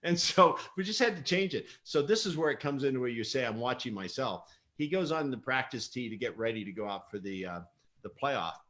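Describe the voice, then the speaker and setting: A bright, forward-voiced middle-aged man chatting on a live interview. He tells stories with lots of energy, acts out other people's lines and laughs easily. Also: medium pitch, a little fast. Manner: animated storyteller, laughs often, acts out quotes. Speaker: guest, mental performance coach. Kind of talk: casual livestream interview.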